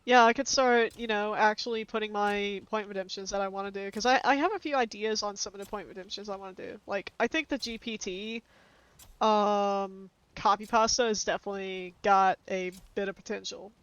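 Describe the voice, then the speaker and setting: A streamer in casual chat with friends, relaxed and rambling with lots of fillers. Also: mid-range voice, fairly quick, smooth, dry recording. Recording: dull, slightly lo-fi stream audio.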